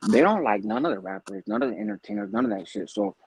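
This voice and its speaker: A man telling a story casually, animated and profane with streetwise slang. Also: high voice, fast, creaky, husky, no echo, poor audio.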